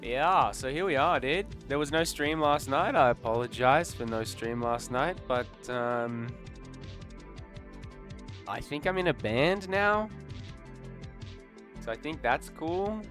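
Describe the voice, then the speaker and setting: A man's voice: medium pitch, lively intonation, slow pace, long pauses, a bit bright. A man streaming live, chatting casually with his viewers in a laid-back, slangy way. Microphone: desk mic. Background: faint background music.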